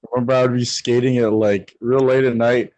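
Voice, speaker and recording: A man's voice: fairly quick, no echo, low-quality recording. A young man co-hosting a podcast, joking and teasing among friends in casual chat. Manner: animated, jokey, jumps high in pitch when teasing. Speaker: podcast co-host.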